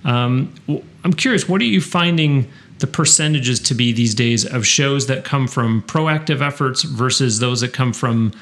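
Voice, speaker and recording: A man from Western New York hosts a studio podcast interview. He talks in a chatty, rambling way, often restarting his sentences. His voice sits at an ordinary middle pitch. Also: normal speed, a bit bright. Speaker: podcast host. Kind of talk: casual interview and show announcements.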